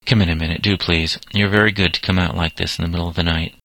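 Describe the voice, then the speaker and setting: A worried middle-aged mother from a storybook, as a man reads her lines. Her lines come out low and bright-edged, with a close, dry sound. She is voiced plainly, barely set apart from the narration. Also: steady tone, quick pace, no room sound. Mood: anxious. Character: anxious widowed mother, middle-aged woman.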